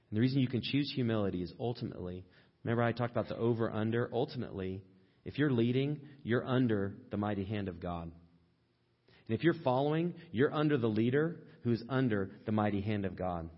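A man preaching a sermon as pastor, in a conversational way, sometimes acting out quoted complaints in a higher voice. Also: muffled recording.

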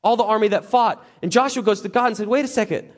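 A man preaching a sermon as lively storytelling, joking and acting out the characters. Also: sits high, quick pace. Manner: animated, jokey, acts out characters.

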